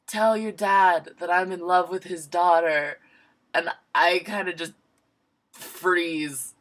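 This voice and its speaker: A woman's voice: on the low side, pushed and bright. A young woman telling an embarrassing personal story in a candid, self-mocking way, acting out her own lines. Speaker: vlogger. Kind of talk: casual storytelling.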